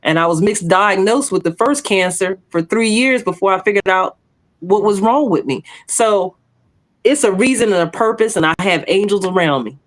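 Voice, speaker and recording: A woman's voice: medium pitch, normal speed. A woman, sharing her testimony in casual chat as a podcast co-host. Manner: animated storytelling, acts out quoted voices; bold testimony.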